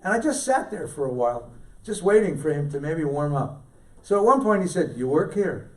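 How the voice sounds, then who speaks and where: A man's voice: a little high, big pitch swings, a little fast, recorded from a distance. Man telling stories in an echoey hall. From California, USA. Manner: warm anecdotal storyteller with self-deprecating humour. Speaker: rabbi, guest scholar. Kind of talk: storytelling talk to a congregation. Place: synagogue hall. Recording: roomy hall, mic from afar.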